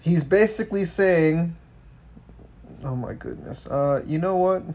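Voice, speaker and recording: A man co-hosting a casual political commentary podcast, animated and swearing, with many stumbling restarts. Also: a little high, a little slow, slight background noise. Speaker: podcast co-host.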